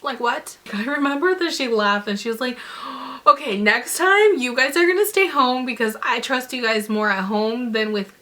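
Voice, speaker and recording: A young woman vlogger telling a story to her viewers in a casual storytime vlog, animated and full of "like". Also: fairly high pitch, moderate pace, few pauses. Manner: animated, filler-heavy retelling with lots of "like".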